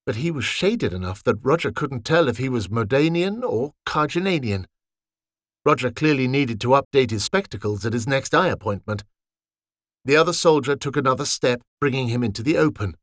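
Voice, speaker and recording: A man reading a fantasy story aloud in an expressive, wry manner. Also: medium pitch, no room sound, clean studio sound.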